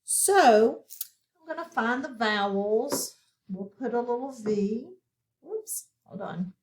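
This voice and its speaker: A woman teaching a phonics lesson to children, asking questions and pausing patiently for answers. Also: fairly high pitch, lively intonation. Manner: slow, patient, asks questions and pauses.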